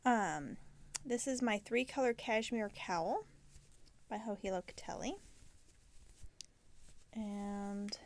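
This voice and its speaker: A woman hosting a knitting podcast, chatting casually about her projects and often correcting herself mid-sentence. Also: mid-range voice. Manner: chatty, self-correcting, drops into soft asides. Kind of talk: casual show-and-tell chat.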